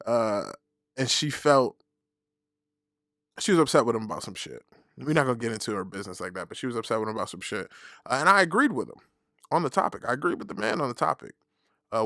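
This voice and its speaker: Young male podcast host, profane animated delivery, middle pitch, dry close sound. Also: no room sound. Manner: profane, animated storytelling with laughs. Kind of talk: casual solo podcast rant.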